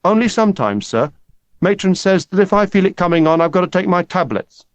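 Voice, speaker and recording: A man's voice: sits high, lively intonation, a little fast, no echo, pitched above the performer's own voice. A man doing a timid pleading schoolboy. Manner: hesitant pleading. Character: young schoolboy faking hay fever, timid.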